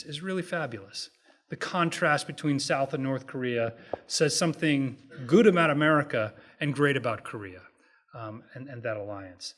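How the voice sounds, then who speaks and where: Relaxed middle-aged man lecturing. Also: medium pitch. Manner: relaxed, self-deprecating, halting restarts. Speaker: guest speaker, economist. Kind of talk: public lecture with jokes. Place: hotel event room.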